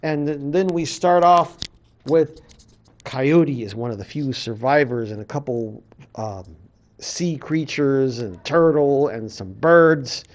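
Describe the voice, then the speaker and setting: A man, a college professor, casually retelling a creation story in a lecture, animated and full of fillers. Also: medium pitch, takes it slowly.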